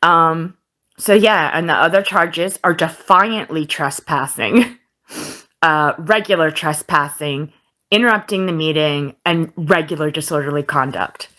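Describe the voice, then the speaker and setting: A woman's voice: low voice, unhurried, sharp tone. A woman venting to her viewers, frustrated and holding back tears. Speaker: video auditor. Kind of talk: vlog clip.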